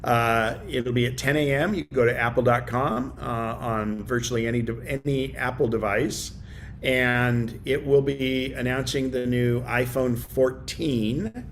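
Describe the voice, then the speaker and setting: A man teaching a relaxed tech class over a video call, with a middling voice that wanders through fillers and restarts. A faint low rumble sits under his speech. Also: measured pace. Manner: rambling, lots of fillers and restarts. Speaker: class presenter.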